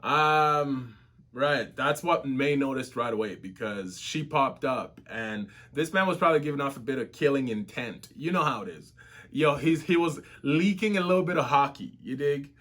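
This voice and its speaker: A man giving casual, excitable, slang-filled reaction commentary as a webtoon reactor. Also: mid-range voice, moderate pace.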